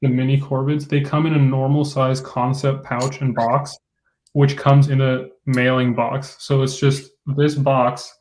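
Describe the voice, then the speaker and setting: A man co-hosting a casual livestream chat, talking in a relaxed, chatty way. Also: mid-range voice, measured pace, poor audio. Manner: relaxed, even-toned, chatty.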